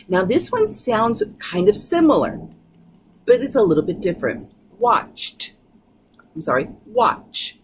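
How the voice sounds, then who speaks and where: A woman teaching English pronunciation, modeling each sound slowly and patiently. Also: lowish voice, lively intonation, slight background noise. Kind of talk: pronunciation lesson.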